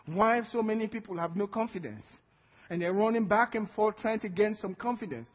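High-voiced Nigerian pastor preaching in a hall. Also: male voice, a little fast, slightly rough. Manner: emphatic preaching with call-and-response amens. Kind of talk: sermon. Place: church hall. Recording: dull lo-fi sound with long hall reverb.

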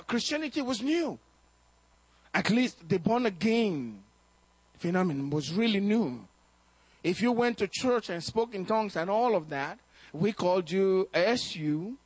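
A man's voice: high voice, no echo. A man preaching a sermon, telling a personal story with acted-out quotes and laughs. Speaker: pastor.

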